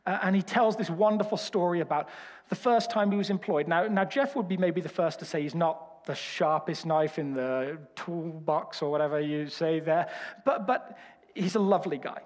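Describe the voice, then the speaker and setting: High-voiced Birmingham preacher, joking and self-mocking. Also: male voice, moderate pace. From Birmingham, England. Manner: humorous, self-deprecating storytelling. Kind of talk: sermon. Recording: reverberant hall.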